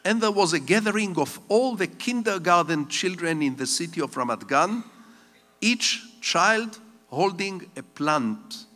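A man's voice: on the high side, a bit bright. An older man giving a public lecture as a guest speaker, a digressive storyteller with wry humor. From Israel. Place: stage of a large conference hall. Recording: long reverb of a lecture hall.

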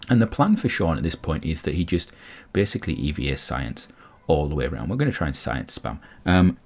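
A male gameplay commentator with a very deep, darkish voice speaks fairly quickly in a sing-song way. He rambles casually through a space game, explaining each step and often restarting.

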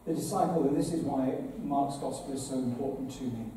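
A man's voice: medium pitch, a little fast, dark tone. A man, a bishop, giving an earnest, conversational address to an assembly, with dramatic retellings. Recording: very echoey hall, voice from far off, faint noise.

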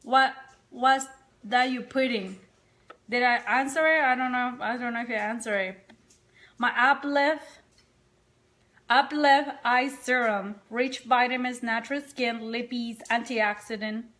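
A makeup vlogger with a high voice chats through a casual live stream at home, tired and sleepy, rambling to her viewers and her dog. Her tone is steady and fairly bright, her pace measured, and she's picked up by a phone or webcam indoors.

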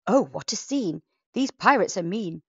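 A woman's voice: mid-range voice, animated, unhurried, creaky, bright, forceful tone, dry recording, heavily acted. Casting: woman voicing a plucky, huffy cat heroine, storybook reading, dry, slightly lo-fi sound. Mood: indignant. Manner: huffy, indignant. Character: brave indignant female cat.

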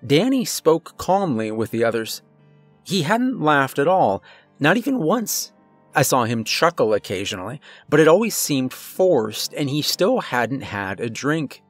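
A man giving a measured, low-key scripted horror narration. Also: big pitch swings, faint music behind.

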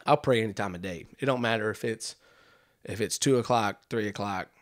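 A young man hosting a podcast, telling a long comic story in a rambling, animated way with hushed deadpan asides. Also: fairly low pitch, fairly quick. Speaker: podcast host. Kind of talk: comedic storytelling monologue.

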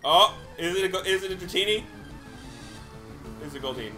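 A man playing a video game on camera, excitable, cursing at the game and shushing the others. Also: high voice, brisk, faint music behind. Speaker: let's play player. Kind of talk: casual gameplay chat.

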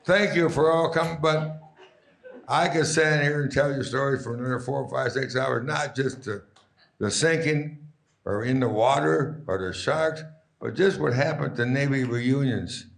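A man's voice: mid-range voice, a little slow, vocal fry, reverberant. A man in his nineties, a guest speaker, telling stories to a live audience in a rambling, chuckling, folksy way. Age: 90s.

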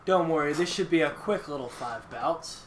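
A man's voice: fairly high pitch, normal speed. A man playing a fighting game with friends, trash-talking and swearing like a mock commentator. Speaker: gamer. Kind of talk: casual let's play banter. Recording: echoey room, faint hiss.

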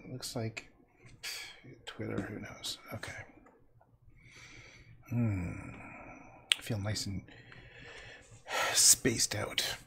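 A man's voice: lowish voice, creaky, sharp tone, slight background noise. A man chatting casually on a livestream while he paints, often muttering and half-whispering asides to himself, from his home studio.

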